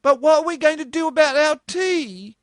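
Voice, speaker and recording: A theatrical young office girl, piping high and loud, stretching her words into long wails, as a male reader puts her on. She gushes and pleads with breathless drama. Recorded dry and close. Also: sing-song, unhurried, no echo, full character voice. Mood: gushing.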